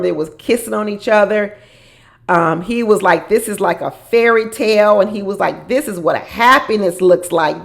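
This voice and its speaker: Woman, middle pitch, slightly gravelly; casual, gossipy TV recap host who laughs a lot. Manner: chatty, laughs often, mimics people she quotes.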